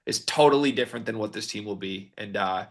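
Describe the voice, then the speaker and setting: A man's voice: fairly low pitch, fairly quick. A man co-hosting a sports podcast, reading out stats and setting up each question in casual chat. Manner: runs the segment, reads stats and sets up each question. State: hiccuping. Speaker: podcast co-host.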